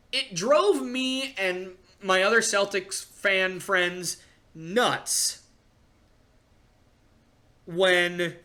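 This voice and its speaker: A young man hosting a casual sports podcast, ranting excitedly with frequent fillers and restarts. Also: high-pitched. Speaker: podcast host.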